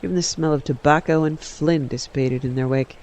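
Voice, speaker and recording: A man casually reading a story aloud, relaxed and correcting his own slips. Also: fairly high pitch, fairly quick. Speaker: game streamer reading an in-game book. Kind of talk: casual read-aloud narration.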